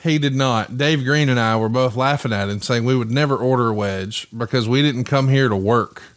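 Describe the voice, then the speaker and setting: A man hosts a casual podcast, chatty and easygoing, often breaking into laughter as he tells a story. His voice sits at a plain, middle pitch. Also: moderate pace. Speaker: podcast host.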